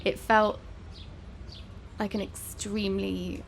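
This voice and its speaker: A woman's voice: mid-range voice, flat delivery, takes it slowly, gravelly, a little hiss or hum. A young woman author chatting candidly at a bookshop event, telling wry stories about her travels. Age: young adult. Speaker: author guest.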